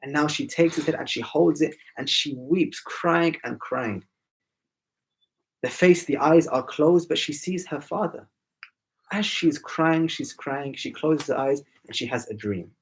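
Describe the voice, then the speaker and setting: A man's voice: fairly high pitch, measured pace, husky, low-quality recording. A man storytelling to children at a majlis, emotive and addressing them directly.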